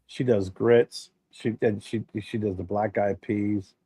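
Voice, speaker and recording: A man's voice: lowish voice, measured pace, breathy edge, dry recording. A man co-hosting a podcast, telling stories in a casual, emphatic way and swearing now and then. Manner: emphatic, animated storytelling with swearing. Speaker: podcast co-host. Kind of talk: casual chat.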